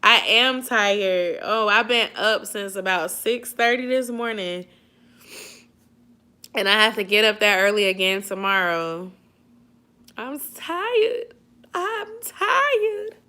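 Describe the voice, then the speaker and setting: Chatting with viewers late at night, this YouTube host, a young woman from around Atlanta, reads their comments aloud and offers big-sister advice, yawning and drowsy. She talks a little slowly in a mid-range voice that sounds sharp, clear and resonant.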